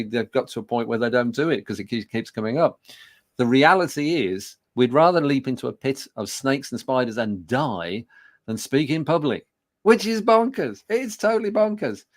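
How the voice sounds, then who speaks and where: A man's voice: lowish voice, no echo, clean studio sound. A man, telling self-deprecating stories in a business talk, with frequent fillers and restarts. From Birmingham, England. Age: 60s. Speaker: public speaking trainer. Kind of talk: storytelling business talk to an audience.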